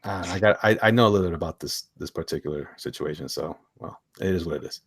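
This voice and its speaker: A man's voice: low voice, quick pace, no room sound, clean studio sound. A man hosting a casual live stream, jokey and chatty, reading viewer comments aloud and laughing often. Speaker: host.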